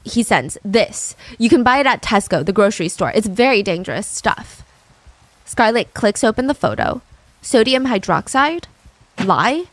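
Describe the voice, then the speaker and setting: A woman's voice: mid-range voice, noisy background. A young woman casually telling a true crime story over gameplay, with lots of "like" and "I mean" asides.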